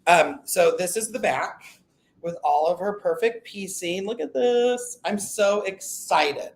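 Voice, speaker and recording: A man hosting a casual live stream chat, talking in an excitable, rambling way and often breaking off mid-sentence. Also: high voice, slow pace. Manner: chatty, excitable, self-interrupting. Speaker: livestream host.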